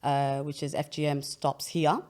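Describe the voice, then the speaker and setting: A woman's voice: deep voice, level tone, a little slow, a little mellow. A young woman hosting an interview, explaining at length in an earnest, casual way with frequent restarts. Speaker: podcast host.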